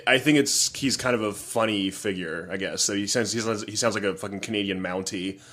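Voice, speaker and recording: Man, low voice, podcast guest, rambling, lots of filler words. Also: fairly quick, fairly bright tone. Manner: rambling, hedging with frequent "like". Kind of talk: casual comedy podcast chat.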